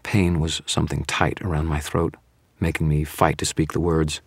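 A man narrating a first-person fantasy audiobook in a measured, dramatic storytelling manner. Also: a bass voice, level tone, gravelly, breathy edge, no room sound.

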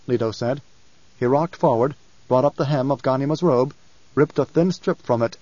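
In a dull, lo-fi audiobook recording with no audible room, a male narrator at medium pitch reads a scripted text steadily and evenly, like a storyteller.

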